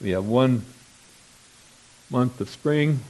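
A man's voice: mid-range voice, slow, a little mellow, poor audio. Older man telling a rambling funny story. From Wisconsin. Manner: rambling, self-deprecating, with throat clearing. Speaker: storyteller at a podium. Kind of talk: live humorous storytelling.

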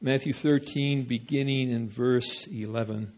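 Male preacher, folksy sermon, mid-pitched, stops and restarts. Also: steady tone, a little mellow. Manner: conversational, halting storytelling.

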